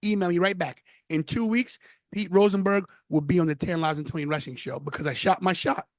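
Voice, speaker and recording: A man from New York, a podcast guest, telling stories in an animated, casual way. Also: sits high, brisk, no echo. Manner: animated storyteller. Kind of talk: casual interview.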